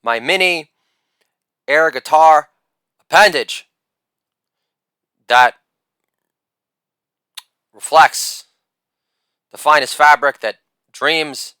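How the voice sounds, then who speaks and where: A middle-aged man performing a boastful, theatrical stand-up comedy monologue with shouted catchphrases. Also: a little high, drawn-out words, pauses often, clear, resonant tone, no echo, clean studio sound.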